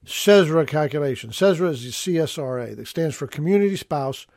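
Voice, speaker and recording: A man's voice: on the high side, lively intonation, a little fast, gravelly, darkish tone, no echo, clean studio sound. A middle-aged man, an estate planning attorney hosting an educational talk show, explaining rules in an emphatic, folksy way and repeating his key points. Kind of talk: educational radio-style talk.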